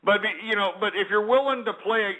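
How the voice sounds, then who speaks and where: A man hosts a comedic call-in show with a high, piercingly bright voice. He talks in brash, mocking, boastful shock-jock patter and teases his callers relentlessly. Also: brisk, poor audio. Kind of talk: comedic call-in radio parody.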